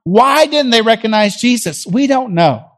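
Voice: medium pitch, animated, normal speed. A preacher from Tennessee, giving a sermon as a conversational story and acting out the people in it. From Jackson, Tennessee.

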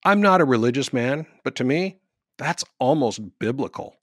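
A man's voice: mid-range voice, animated, normal speed, a bit bright, dry recording. A man narrating with scripted, dry, sarcastic commentary.

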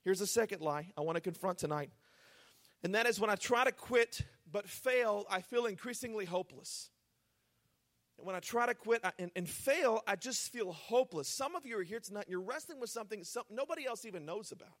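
Pastor guy preaching, pretty high voice, goes quiet then gets loud and urgent. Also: expressive, brisk. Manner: earnest, swings from hushed to loud emphatic urging. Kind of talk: sermon.

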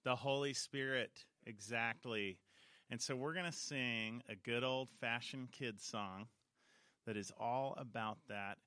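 A man's voice: medium pitch, a little slow, bright, forceful tone, smooth, no room sound, clean studio sound. A man leading kids in church, casually teaching and quizzing them before a song. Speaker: children's minister.

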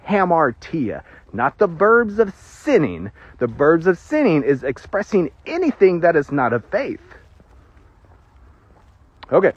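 Giggly guy preaching, high voice that swoops all over, kinda husky, muffled lo-fi sound. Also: no echo. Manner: giggles often while preaching, animated. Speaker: pastor. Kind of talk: sermon. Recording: dull lo-fi recording.

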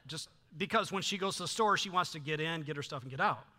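Middle-aged male pastor, sermon delivery, high and sharply bright voice, animated storyteller. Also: fast talker. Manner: animated storytelling with frequent fillers and restarts.

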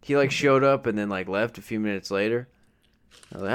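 A man's voice: on the low side, quick pace. A young man co-hosting a podcast, telling self-deprecating stories in casual chat. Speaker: podcast co-host. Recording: faint background noise.

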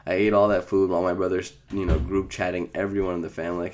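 Very deep-voiced young man rambling a story. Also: little pitch movement, fast talker, darkish tone, a little hiss or hum. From Iraq. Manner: scattered, rambling, laughs through his story. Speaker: podcast host. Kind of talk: casual storytelling monologue.

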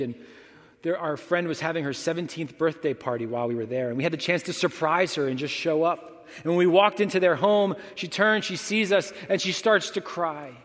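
A young male pastor delivers a sermon in a large hall that leaves a long tail of reverb on every phrase. His voice sits a little high for a man. He swells to bold, declaring lines and then sinks to a hushed, almost whispered intimacy. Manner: dynamic, swings between loud proclamation and hushed near-whisper.

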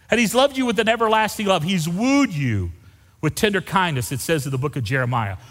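A middle-aged man, an interim pastor preaching a folksy, animated sermon and joking with the congregation. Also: high-pitched, big-room sound.

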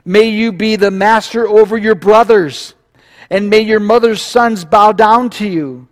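A man's voice: high voice, measured pace, long reverb tail, pitched above the performer's own voice. A man voicing an elderly father who pronounces blessings, read aloud during a sermon. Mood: solemn. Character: old blind father, solemn and shaken.

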